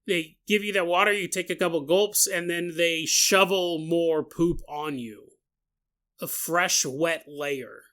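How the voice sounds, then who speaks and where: Bright-voiced joking male podcast host. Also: fairly high pitch, takes it slowly, smooth. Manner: animated, jokey, laughs at own asides. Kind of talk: casual storytelling.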